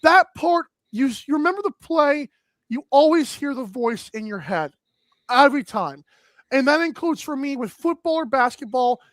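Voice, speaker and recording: A man hosting a sports talk show, energetic and rambling with lots of filler words. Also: very high voice, normal speed, no echo.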